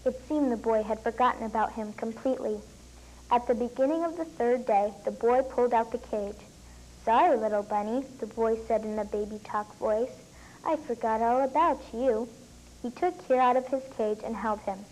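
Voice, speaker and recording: A young girl reading her own story aloud, with lifted pitch on the quoted lines. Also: a little fast, darkish tone, rough recording.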